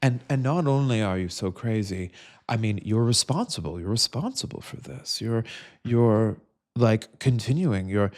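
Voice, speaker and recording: A man from the United States speaks in a somewhat low voice as he rants directly at his audience. His delivery is heated and profane, with constant fillers and restarts that break up his sentences. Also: animated, moderate pace, a little mellow. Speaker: political commentator. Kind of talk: direct-to-camera rant.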